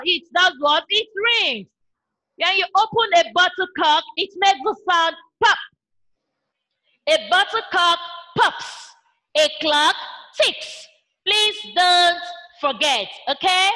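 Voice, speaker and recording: Nigerian woman, primary teacher; slow, high, bright, sing-song delivery for small kids. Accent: Nigerian English. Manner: sing-song, imitates animal sounds. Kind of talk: online class for young children.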